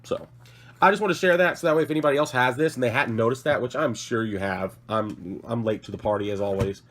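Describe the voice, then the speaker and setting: A man's voice: mid-range voice, fast talker, fairly bright tone, a little hiss or hum. A man with a cough, sick, hosting a casual hobby vlog from his work table, rambling and correcting himself as he shows off models. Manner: rambling, self-correcting, apologetic. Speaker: hobby channel host.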